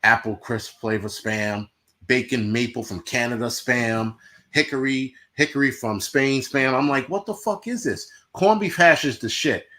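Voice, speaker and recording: A man's voice: medium pitch, measured pace, sharp tone. A man hosting a livestream, ranting bluntly and profanely to his chat in casual talk. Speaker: livestream host.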